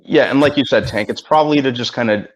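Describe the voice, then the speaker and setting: A man co-hosting a casual live movie review show, talking in a measured, hesitant way. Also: mid-range voice. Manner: measured, hesitant, many restarts and fillers. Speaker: podcast co-host.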